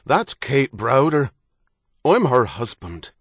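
A man reading aloud voices a protective young husband who speaks firmly and forcefully. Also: medium pitch, sing-song, slow, slightly rough, no room sound, clean studio sound, pitched above the performer's own voice, heavily acted. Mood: defiant.

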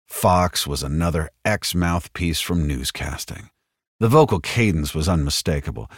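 A man's voice: low-pitched, lively intonation, normal speed, no echo. A man narrating an audiobook in a dry, sardonic delivery. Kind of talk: scripted narration.

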